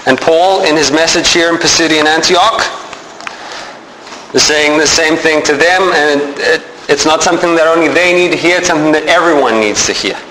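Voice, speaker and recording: A man preaching a sermon, animated, with rising emphasis. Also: fairly high pitch, moderate pace, roomy sound, a little hiss or hum, rough recording. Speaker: pastor.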